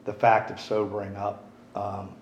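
A middle-aged man's voice sits on the low side and stays monotone at a moderate pace as he gives a recovery meeting share. His talk is candid, rambling, and casually profane, recorded in a roomy, dull space with faint hiss.

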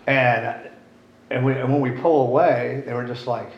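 A man's voice: mid-range voice, fairly even intonation, moderate pace. A middle-aged man speaking at a recovery meeting, candid and rambling, swearing casually. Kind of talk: recovery share talk. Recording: roomy, dull, faint hiss.

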